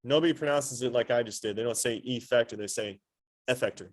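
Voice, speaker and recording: A male teacher lectures an anatomy class at a middle pitch. He keeps up a steady stream of questions to his students. He leans on playful analogies and rhetorical asides. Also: fast talker. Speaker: high school anatomy teacher.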